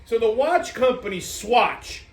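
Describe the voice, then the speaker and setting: A man's voice: extremely high pitch, expressive, unhurried. Brash, foul-mouthed man. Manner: brash, profane, rambling with frequent restarts. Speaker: show host. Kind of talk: casual ranting commentary. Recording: echoey room.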